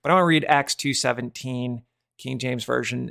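A man's voice: medium pitch, normal speed, vocal fry, no echo, clean studio sound. A man in his fifties hosting a Christian ministry podcast, giving an earnest, confessional testimony. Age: 50s. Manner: earnest, confessional, trails off quietly. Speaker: host of a watchman ministry podcast. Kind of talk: casual religious testimony.

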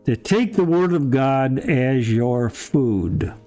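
A man as pastor, giving a slow, emphatic Bible study sermon with rhetorical questions. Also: mid-range voice, expressive, mellow, faint music behind.

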